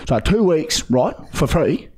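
A man's voice: a little high, sing-song, slow pace, a little mellow, slightly rough, heavily acted. A young man with an Australian accent playing a pushy, swearing job seeker on a prank call, rambling with lots of fillers. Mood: pleading. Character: desperate rough-talking male job seeker. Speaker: prank caller.

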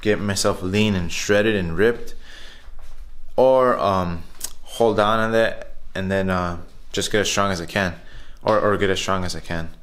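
A fitness vlogger's low, fairly bright voice moves at a measured pace as he talks over his workout footage. His casual voiceover is chatty, loose, and repetitive, with frequent callouts to viewers and plenty of "guys."

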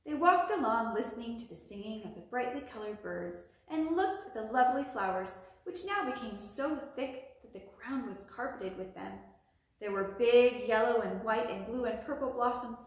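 A woman's voice: fairly high pitch, moderate pace. Woman reading aloud in an echoey room. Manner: gentle, steady read-aloud narration. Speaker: library storytime reader. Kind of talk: reading a children's book aloud.

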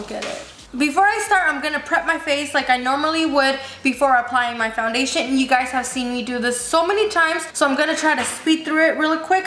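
A woman's voice: high voice, a bit bright. A young woman with a slight lisp from braces, gushing to her viewers as she tests a makeup tool in a casual vlog. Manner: bubbly, gushing, addresses viewers as you guys. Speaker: beauty vlogger. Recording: echoey room with faint noise.

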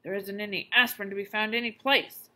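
A woman's voice: mid-range voice, steady tone, brisk, bright, forceful tone, natural voice. A woman reading aloud, voicing an exasperated, helpless father in a storybook. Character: exasperated father of a sick boy.

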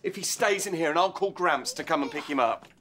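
A man playing a school teacher, talking in a brisk, jolly and apologetic way in a children's series. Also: on the high side, fairly bright tone, a little hiss or hum, close to an everyday voice. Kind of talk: children's live-action series.

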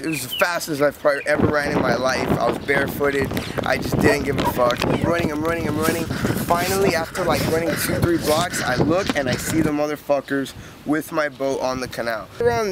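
A young man with a slightly high voice tells a rambling, profane story outdoors, leaning on "like" and restarting his sentences. Traffic and outdoor ambience come through clearly behind him on a noisy outdoor recording. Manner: profane, rambling, heavy use of "like". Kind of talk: casual spoken anecdote. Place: outdoors by a canal. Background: outdoor street ambience with passing vehicles.

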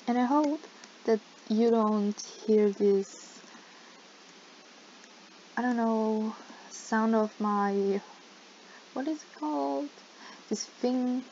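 A woman giving playful let's-play gaming commentary with sudden loud outbursts, her voice cracking. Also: fairly high pitch, extremely slow, pauses often. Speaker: gaming YouTuber. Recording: slightly dull lo-fi mic with faint noise.

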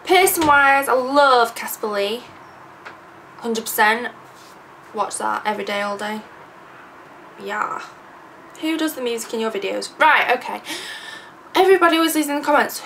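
Her voice is a little high, gravelly, and fairly bright, moving at a moderate pace with frequent pauses. She's a young English YouTuber, around twenty, chatty, sarcastic, and self-deprecating as she answers viewer questions in a casual vlog Q&A. Background noise and a distant mic mark the recording.

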